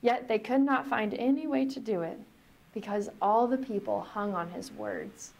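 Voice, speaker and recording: A woman pastor reading scripture aloud and preaching in a reflective, conversational way, slowing down for emphasis. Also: on the high side, vocal fry, a little mellow.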